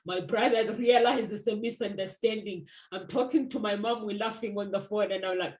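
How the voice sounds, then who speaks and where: A woman's voice: mid-range voice, a little fast, few pauses, echoey room, low-quality recording. A woman who works as a matchmaker, talking earnestly and reflectively in a casual conversation, sharing personal stories.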